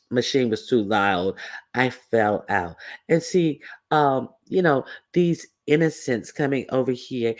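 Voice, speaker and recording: A man giving casual livestream commentary, reading chat and rambling with sass and mocking imitations. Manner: rambling, sassy, with mocking high-voiced imitations.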